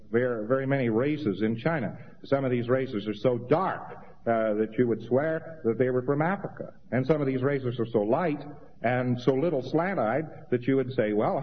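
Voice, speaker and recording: A man giving a rambling, conversational lecture with mocking asides. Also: medium pitch. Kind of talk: informal lecture to an audience. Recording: dull lo-fi old recording in a reverberant hall.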